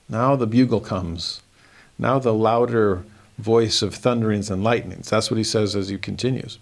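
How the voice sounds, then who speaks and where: Gravelly guy teaching scripture, slow earnest reading, pushes up on the big lines. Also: mid-range voice. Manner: slow, earnest reading of verses with emphatic rises. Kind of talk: devotional scripture lesson.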